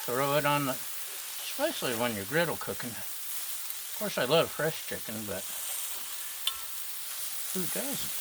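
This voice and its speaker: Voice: mid-range voice, very animated, slow pace, long pauses. A home cook vlogger giving playful, chatty cooking commentary outdoors, talking to the dogs now and then. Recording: loud sizzling griddle noise behind.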